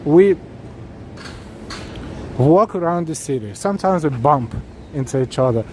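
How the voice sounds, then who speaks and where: A live-stream walking tour host, chatty and earnest, speaks straight to his viewers and reads chat aloud on an evening city street. His voice runs on the high side, expressive and measured, with long pauses. Faint traffic and street noise come through his handheld camera rig.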